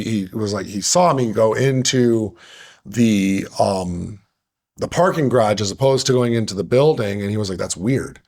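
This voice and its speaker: Male guest, deep husky voice, earnest, halting storyteller. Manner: earnest, halting, many restarts and fillers. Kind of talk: candid personal storytelling.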